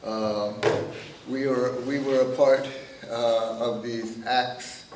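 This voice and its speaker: A man in his seventies telling his family's history at a teach-in, halting and full of "uh" and "you know". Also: medium pitch, fairly even intonation, background noise. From Northern California. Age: 70s. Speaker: speaker at a teach-in. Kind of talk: personal storytelling talk. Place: meeting room. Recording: echoey room, recorded from a distance.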